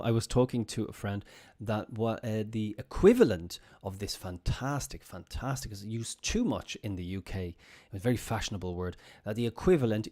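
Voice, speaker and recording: A man teaching English on a live stream in a chatty way, repeating example phrases slowly for his students. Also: fairly low pitch, mellow.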